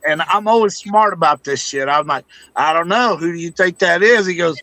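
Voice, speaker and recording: Joking ex-wrestler guest, man, high and bright, recorded dry; swears freely in stories. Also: normal speed, no room sound. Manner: profane, joking anecdote teller. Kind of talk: casual podcast chat.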